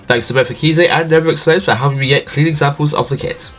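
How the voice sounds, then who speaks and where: A man's voice: fairly high pitch, fast, fairly bright tone, soft background music. A man with a nasal, allergy-stuffy voice reading a scripted gaming guide as a voice-over, jokey and self-deprecating. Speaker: video game guide creator.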